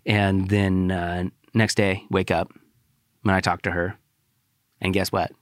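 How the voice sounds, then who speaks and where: A young man telling a personal story in a casual, profane way, with fillers and sudden excited outbursts. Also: takes it slowly, no room sound, clean studio sound. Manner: profane, animated, rising to high-pitched outbursts.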